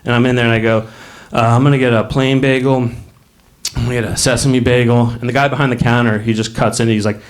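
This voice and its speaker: A man with a medium-pitched, level voice talks fast through a stand-up set on a club stage, rambling through stories and acting out the voices of the people in them. It's a live club recording, with the audience laughing in the background.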